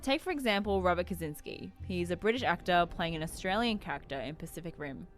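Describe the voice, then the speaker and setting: A woman reads a news feature in a measured, explanatory way, her voice on the low side. Faint music plays beneath her. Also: lively intonation. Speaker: news reporter. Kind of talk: scripted news narration.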